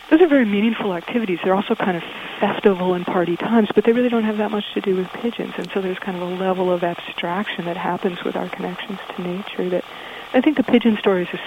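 A woman's voice: lowish voice, background noise. A woman guest in a radio interview, explaining in a thoughtful way with frequent ums, heard through dull, muffled audio.

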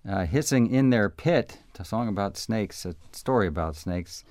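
A man's voice: lowish voice, lively intonation, normal speed, darkish tone, no room sound. A man hosting a radio talk show, chatting casually and rambling with many fillers. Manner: rambling, with frequent fillers and restarts. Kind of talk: casual on-air interview.

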